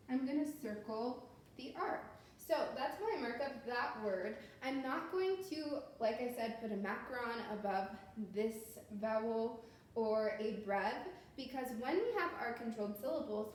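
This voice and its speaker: A woman's voice: on the high side, darkish tone. Woman teaching phonics in an echoey room. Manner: patient, step-by-step explaining. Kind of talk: phonics lesson walkthrough. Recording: very echoey room with faint noise.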